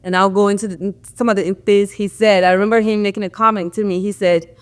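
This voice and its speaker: A woman's voice: medium pitch, little pitch movement, quick pace. A woman hosting a podcast interview, talking casually with lots of "like" and "you know" fillers, encouraging her listeners. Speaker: podcast host.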